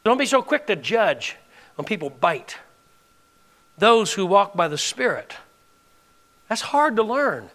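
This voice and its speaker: A man's voice: high voice, sing-song, slow pace, long pauses, fairly bright tone. A man, preaching a sermon as pastor, building emphasis and asking the congregation direct questions.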